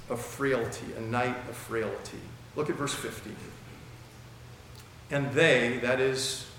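A medium-pitched, fairly bright male voice belongs to a pastor preaching verse by verse in an expository style. He's chatty and leans on rhetorical questions. The large church hall adds heavy echo, and there is faint noise.

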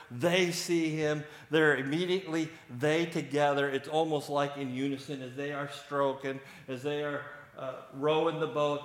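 A man preaching a sermon, animated, acting out the voices of the people in the story. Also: on the high side, roomy sound. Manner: animated, acts out voices of biblical figures.

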